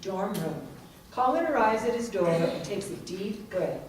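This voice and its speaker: A woman's voice: medium pitch, big pitch swings, unhurried, recorded from a distance. Woman narrator reading stage directions plainly, faint hiss in an echoey room.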